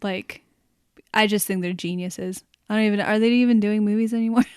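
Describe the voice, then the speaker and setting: A woman's voice: medium pitch, steady tone, fairly quick, a little mellow, clear, resonant tone, no room sound, studio quality. A woman who is an actor, a guest on a podcast, reacting expressively and laughing often. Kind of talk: casual interview chat.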